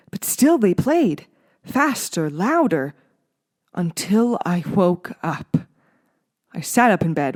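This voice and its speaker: Expressive reader narrating a spooky tale. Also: medium pitch, no echo, studio quality. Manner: expressive, dramatic reading with small slips. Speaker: podcast host reading a book aloud. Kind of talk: audiobook-style narration.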